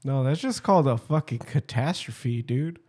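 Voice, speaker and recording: A man's voice: medium pitch, animated, normal speed, dark tone, breathy edge. A man in casual crude banter, swearing freely and laughing between mocking impressions.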